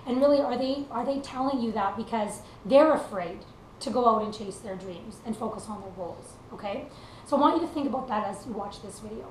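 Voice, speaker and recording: Speaking fairly quickly in a slightly high voice, a young woman from Canada who sings country music offers sincere, chatty encouragement peppered with fillers. Faint noise sits in the echoey room.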